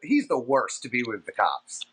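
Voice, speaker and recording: Lively, bright-voiced man telling a story. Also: mid-range voice, normal speed, breathy edge. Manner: animated, profane, rambling anecdote. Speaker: podcast host. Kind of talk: casual storytelling.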